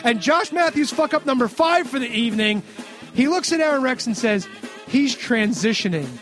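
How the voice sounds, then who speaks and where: A man's voice: extremely high pitch, animated, normal speed, fairly bright tone, soft background music. A man recapping a wrestling show on a podcast in a sarcastic, ranting way with lots of swearing. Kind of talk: casual profane recap.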